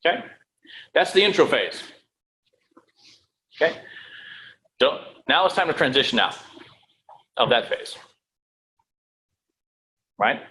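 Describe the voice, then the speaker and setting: A man teaching real estate sales in a room with an audience, lively, checking in with "right?" and "okay?" and acting out phone calls. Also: fairly high pitch, slow pace, pauses often, low-quality recording. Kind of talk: live sales training talk.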